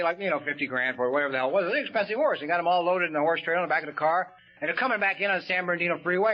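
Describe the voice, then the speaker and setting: A man's voice: high-pitched, a little hiss or hum. Swearing man on an old lo-fi tape. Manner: folksy, swears casually, says "man" and "you know". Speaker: AA speaker. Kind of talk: recovery meeting talk. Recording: dull lo-fi tape.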